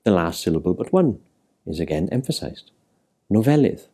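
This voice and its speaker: A man teaching a language lesson, explaining and clearly modelling words for learners. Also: low voice, sing-song, a little fast, warm tone. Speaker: Welsh language tutor. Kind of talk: scripted teaching narration.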